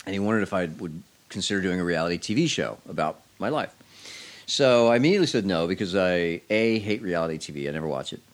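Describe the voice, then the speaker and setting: A man's voice: deep voice, animated, quick pace. A man telling a long story as an interview guest, casually and wryly, with frequent restarts. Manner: rambling, restarts often, wry.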